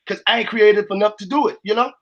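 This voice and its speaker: A man's voice: high-pitched, fast talker, vocal fry, a bit bright, highs cut off. A man hosting a casual panel discussion, blunt and profane, rambling as he talks. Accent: put-on made-up accent at times. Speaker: host of the panel stream.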